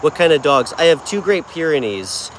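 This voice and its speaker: During a casual live tarot stream, a New Yorker talks in a friendly, chatty way as he responds to comments. His voice sits a little high and sounds very animated and fairly bright, at normal speed, with slight background noise.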